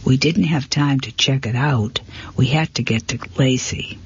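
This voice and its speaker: A man narrating a first-person mystery story in a steady, plain manner, on a dull, lo-fi recording. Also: mid-range voice, measured pace, breathy edge. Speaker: audiobook narrator. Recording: dull, lo-fi, dry.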